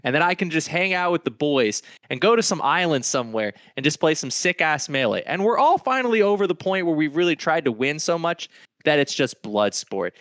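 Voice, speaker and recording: A man's voice: fairly high pitch, very animated, brisk, fairly bright tone, no echo. A man on a panel talk show, telling rambling stories with enthusiasm. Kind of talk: casual panel chat.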